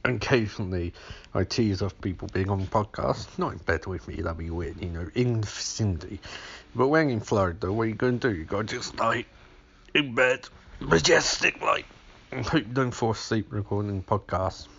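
Man, podcast host, profane, sarcastic, gravelly, muffled recording. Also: fairly low pitch, moderate pace, a bit bright. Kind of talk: comic film recap. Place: hotel room, in bed.

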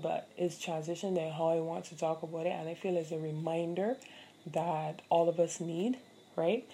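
A young adult woman's fairly low, mellow voice carries a casual story on the podcast she hosts alone. The telling is candid, profane and chatty, heavy with fillers, and there's a slight hiss or hum.

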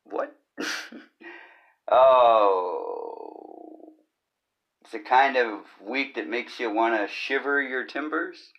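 Slow, rambling awkward man hosting a podcast. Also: medium pitch, lo-fi sound. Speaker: podcast host. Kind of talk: casual comic monologue.

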